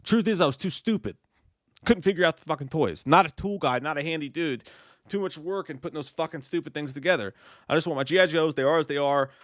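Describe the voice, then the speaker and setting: A man's voice: on the high side, fast talker, a bit bright, no room sound, clean studio sound. A man co-hosting a casual live stream, swearing freely and rambling in a self-deprecating way. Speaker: co-host of a movie live stream.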